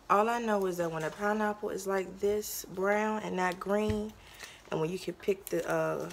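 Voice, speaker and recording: A chatty woman vlogging from her home kitchen, talking to her pets and her viewers as she goes. Her voice sits in an ordinary middle range, and a steady background hiss runs under the whole home recording. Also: mid-range voice. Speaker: lifestyle vlogger. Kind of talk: casual chat.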